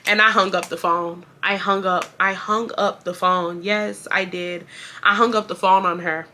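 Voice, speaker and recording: A woman, telling a story in a casual, animated and profane way. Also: lowish voice, normal speed, slight background noise. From Houston, Texas. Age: 20s. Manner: animated and profane, acting out shouted quotes. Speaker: vlogger.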